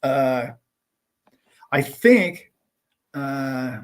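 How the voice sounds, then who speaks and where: A man's voice: medium pitch, animated, extremely slow. A man hosting a livestream, chatting casually and greeting viewers, rambling and friendly with lots of filler words. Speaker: livestream host.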